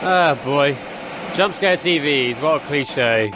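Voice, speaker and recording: A man's voice: a little high, slow pace, heavy background noise. Chatty young man, jumpy gamer. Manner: chatty, rambling, easily startled, yelps and laughs at jump scares. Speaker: gaming channel host. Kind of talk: casual horror let's play commentary.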